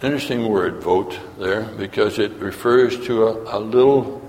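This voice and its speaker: A man's voice: lowish voice, moderate pace, darkish tone. A man preaching a sermon, asking his listeners questions and acting out quotes as he goes. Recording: long hall reverb.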